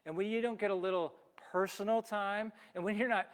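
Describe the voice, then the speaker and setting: A man's voice: sits high, fairly quick, clean tone. A man, a pastor, preaching a conversational sermon in a church and telling everyday stories with emphatic delivery. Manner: storytelling with everyday examples, lively and emphatic. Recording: long hall reverb.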